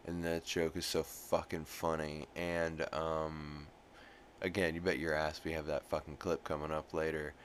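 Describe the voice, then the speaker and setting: A man with a very deep voice rambles through an episode recap, swearing freely and filling pauses with ums and you-knows. A light hiss sits under the recording. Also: little pitch movement. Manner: rambling, profane, full of fillers. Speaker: podcast host recapping an episode. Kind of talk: casual recap chat.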